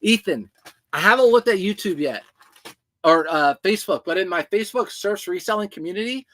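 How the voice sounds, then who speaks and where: High-voiced man chatting on a livestream. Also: lively intonation, fairly quick, fairly bright tone. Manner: chatty, answers viewer comments as he talks. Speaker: clothing reseller hosting a livestream. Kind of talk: casual livestream chat.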